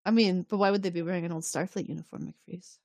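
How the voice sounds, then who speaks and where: A woman co-hosting a podcast, retelling an episode in a casual, animated way and acting out the quotes. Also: lowish voice, quick pace, vocal fry, no echo. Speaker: podcast co-host. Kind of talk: casual recap chat.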